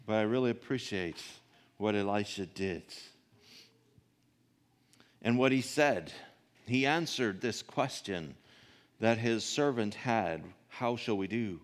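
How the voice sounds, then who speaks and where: A man preaching a sermon, reading scripture and then expounding it, with rhetorical questions and soft asides. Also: lowish voice, expressive, slow, long pauses, in a large hall.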